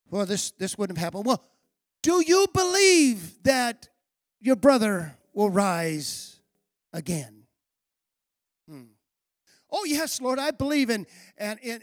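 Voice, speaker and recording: A man with an unusually high, gravelly voice preaches a sermon as a pastor. He tells the story with voices for its characters and builds to forceful, shouted emphasis. The sound is dry and close, with no room echo.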